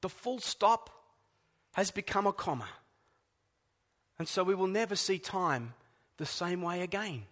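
A man preaching a sermon in a deliberate, emphatic way, dropping to soft, hushed words at times. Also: sits high, long reverb tail. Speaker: pastor.

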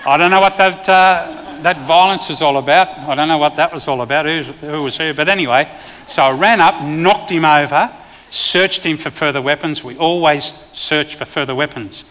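Australian man, sermon testimony, vivid storyteller, fairly high voice, roomy hall reverb. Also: moderate pace, slight background noise. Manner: vivid storyteller with sudden loud bursts. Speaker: preacher and former police officer.

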